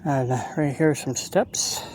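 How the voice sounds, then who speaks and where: A man ambles along an outdoor levee and talks into his phone in a loose, halting way, often breaking off to warn about safe swimming. He sounds a little winded from the walk. Faint outdoor noise sits under his voice. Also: medium pitch, darkish tone. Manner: rambling, halting, stops to give safety advice. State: out of breath from walking. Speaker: walking tour vlogger. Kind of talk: casual walking commentary. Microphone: handheld phone camera while walking.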